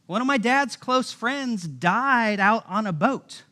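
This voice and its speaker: Animated high-voiced man preaching. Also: slow. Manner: casual, animated storytelling with voiced asides. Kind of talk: sermon. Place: church.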